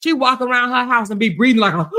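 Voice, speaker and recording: Profane, taunting woman livestream host. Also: on the high side. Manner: loud, profane, taunting, laughs often; exercising her arms while talking. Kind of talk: profane livestream trash talk.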